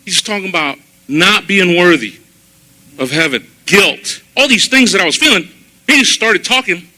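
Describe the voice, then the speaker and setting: Man doing church testimony, high and sharp-toned voice, animated storyteller. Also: normal speed, rough recording. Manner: animated storytelling, acting out his own past words. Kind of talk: personal testimony sermon. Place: church service.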